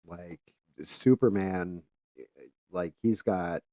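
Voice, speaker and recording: A man's voice: low-pitched, takes it slowly, mellow, no echo. A man hosting a casual livestream, rambling and swearing freely as he chats while doing careful handwork. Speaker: livestream host.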